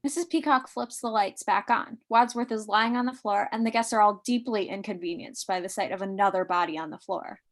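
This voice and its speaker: A woman briskly reading stage directions in a live script reading, lightly amused. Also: mid-range voice.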